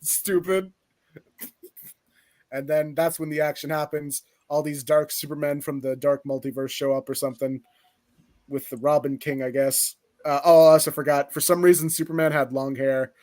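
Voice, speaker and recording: A man's voice: fairly high pitch, little pitch movement, brisk, darkish tone, no echo. A man co-hosting a podcast, recapping a comic in a rambling, laughing, casual way. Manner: rambling, laughing, full of fillers. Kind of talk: casual chat.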